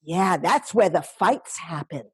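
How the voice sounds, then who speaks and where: A gossipy older New York lady, as a woman plays her in a solo stage piece. She chats straight to the audience, teasing and reminiscing at an easy, unhurried pace. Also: fairly low pitch, animated, breathy edge, dry recording, heavily acted. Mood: nostalgic. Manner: gossipy, addresses the audience directly.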